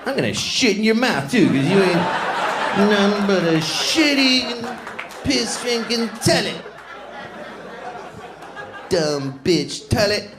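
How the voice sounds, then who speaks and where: A stand-up comic slips into a high, swooping voice of a crude braggart who sneers at his own toilet. The insults roll out slowly and mockingly over a live crowd. The recording carries steady background noise. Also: full character voice. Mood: taunting. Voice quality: taunting, insulting, drawn-out delivery. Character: crude man trash-talking his toilet, swaggering and vulgar. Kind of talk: stand-up comedy bit.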